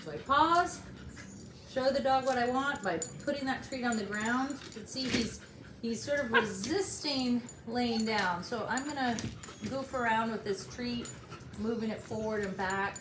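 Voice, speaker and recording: A woman dog trainer explaining each step of a training session while coaxing a puppy. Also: unhurried. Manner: explains steps while coaxing a puppy, jumping to high praise. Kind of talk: instructional training demonstration. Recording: roomy and noisy.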